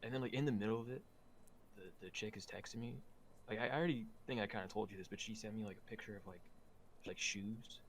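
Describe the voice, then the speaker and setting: A man's voice: on the low side, fairly even intonation, fast, slight background noise, low-quality recording. A man chatting casually on a podcast, rambling with lots of fillers and restarts. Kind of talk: casual chat.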